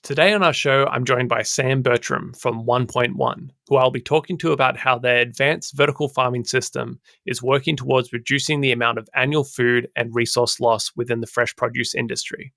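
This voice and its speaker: A man hosting a podcast interview, friendly and quick to laugh. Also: medium pitch, steady tone, vocal fry, sharp tone, dry recording, clean studio sound. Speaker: podcast host.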